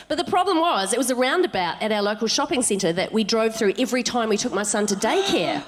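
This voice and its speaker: High, lively woman telling comic stories. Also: fast talker, few pauses, a little hiss or hum. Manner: animated, squeals into high voices when quoting herself. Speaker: comedian guest. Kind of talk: live comic storytelling. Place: live theatre stage.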